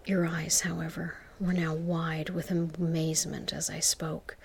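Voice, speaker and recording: A woman narrating an intimate whispered role-play to the listener, in a soft, slow, seductive whisper. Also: sits low, level tone, gravelly, slight background noise.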